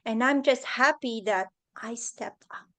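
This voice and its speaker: A woman's voice: fairly high pitch, measured pace. A middle-aged woman giving an earnest, emotional talk about leadership over a video call. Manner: earnest, emotional, acts out quoted voices. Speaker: guest speaker. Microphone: computer on a video call.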